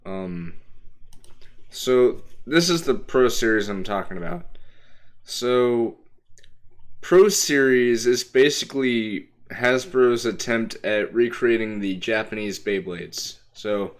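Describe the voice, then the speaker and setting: A man's voice: mid-range voice, slow pace. A young man streaming casually, explaining toys he shows to the camera in a rambling, hesitant way full of ums. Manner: explains toys while showing them to the camera. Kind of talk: casual livestream chat.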